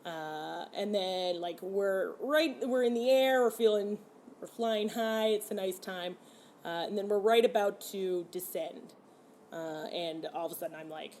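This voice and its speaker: A woman's voice: mid-range voice, unhurried, a little hiss or hum. French-Canadian woman telling a comic story. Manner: animated, laughing, acts out her own quotes. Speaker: comedian guest. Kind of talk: casual storytelling.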